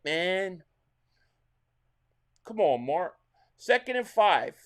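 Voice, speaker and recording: This is a middle-aged man with a New Jersey accent, hosting a live football reaction stream. His voice sits a little high and swings widely in pitch. He drifts from one topic to the next, and he calls the plays as they happen. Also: normal speed. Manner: rambling chat with chat readers, bursts into excited play calls. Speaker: livestream host reacting to a football game.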